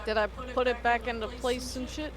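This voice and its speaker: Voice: mid-range voice, little pitch movement, normal speed, background noise. A player in a casual tabletop game, talking in a brash, profane and eager way.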